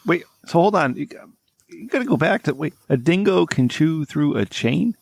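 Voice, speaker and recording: A man's voice: a little high, expressive, normal speed, creaky, dry recording. A man hosting a casual podcast, loose and profane, teasing his co-hosts. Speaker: podcast host.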